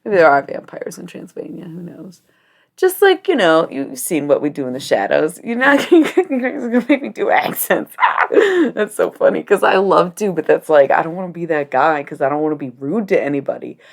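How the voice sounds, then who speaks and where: A woman's voice: low voice, lively intonation, a little fast, vocal fry. A young adult woman chatting casually on a livestream while reading cards, rambling, giggly and swearing freely.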